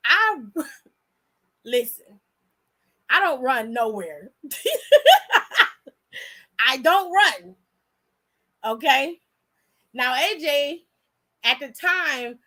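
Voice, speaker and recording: Young woman spinning a story, blunt and cussing a lot, high bright voice, super animated. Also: takes it slowly, pauses often. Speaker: host. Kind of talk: casual storytelling.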